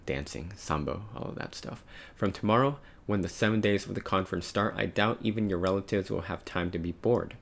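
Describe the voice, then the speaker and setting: A man's voice: deep voice, gravelly. A man casually reading a comic aloud and musing over it, with light voices for the quotes. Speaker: manga reader and commentator. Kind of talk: casual read-along commentary.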